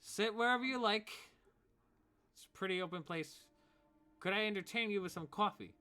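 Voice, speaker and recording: A man doing a loud, cheery innkeeper. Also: high-pitched, moderate pace, smooth, voice pushed up. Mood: friendly. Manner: hearty, raised voice, yells upstairs to the kitchen. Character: cheerful male innkeeper, chatty and polite. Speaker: tavern keeper.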